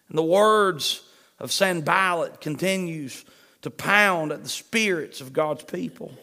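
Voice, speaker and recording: A man preaching a sermon in an emphatic, animated manner, with a shifting pace. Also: sits high, measured pace.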